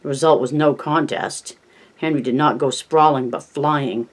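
A man reads a novel aloud, telling the scene in an even, measured way. His voice sits at a middle pitch for a man. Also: low-quality recording. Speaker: audiobook narrator. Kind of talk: novel narration.

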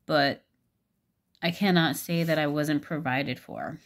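Deep-voiced woman telling a rambling story. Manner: rambling, halting, with many fillers; frank, swears casually. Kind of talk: casual storytelling vlog.

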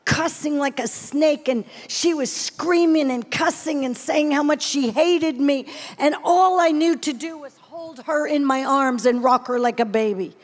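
A middle-aged woman preaching a sermon with personal testimony, animated and playful, dropping to hushed tones between exclamations. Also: sits high, measured pace. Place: large event hall, live audience.

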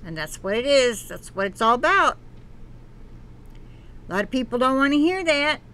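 A woman hosting her own channel reads an article aloud, breaking off for earnest, preachy asides, halting and restarting as she goes. Her voice is high-pitched, bright, and forceful, and very animated.

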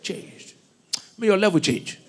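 A man with a Nigerian accent preaching a sermon in a church, with call-and-response questions, shouted bursts and laughing asides. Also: sits high, lively intonation, measured pace, a faint crowd. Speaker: pastor.

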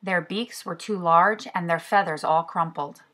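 Preschool teacher reading a picture book aloud. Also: female voice, lowish voice, a little slow, a bit bright.

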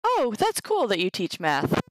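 A woman reading through a Latin textbook on a live stream, sounding out the Latin slowly and chatting casually to viewers between sentences. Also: mid-range voice, wildly swooping pitch, dry recording, low-quality recording. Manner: reads Latin aloud slowly, chatty asides. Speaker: streamer teaching herself Latin.

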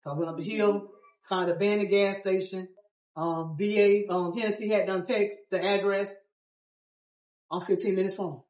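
A woman biker recounts her road trip to a small group, dramatic and full of acted-out quotes, dropping from loud to hushed. She sits at a distance from the mic, and the room rings around her. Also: mid-range voice, steady tone, moderate pace, roomy sound, highs cut off. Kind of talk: animated storytelling in a group interview.

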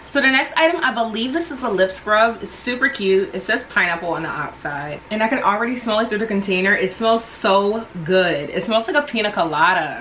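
A woman vlogger excitedly unboxing products and gushing over each item. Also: medium pitch, a little hiss or hum, poor audio. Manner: gushing, enthusiastic.

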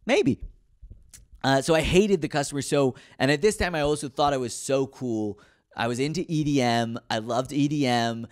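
A man in his thirties tells stories from an old job on his own podcast, wandering between asides and restarts. He swears freely and laughs at his younger self, in a voice of ordinary middle pitch for a man. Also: a little fast. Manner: rambling, profane, self-mocking. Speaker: podcast host. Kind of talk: casual storytelling monologue.

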